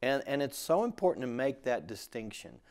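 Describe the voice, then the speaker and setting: A man's voice: mid-range voice, big pitch swings, fairly quick, a little mellow. Male Bible teacher, mid-range voice, casual sermon delivery with frequent restarts. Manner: conversational, restarts often, emphatic when quoting scripture.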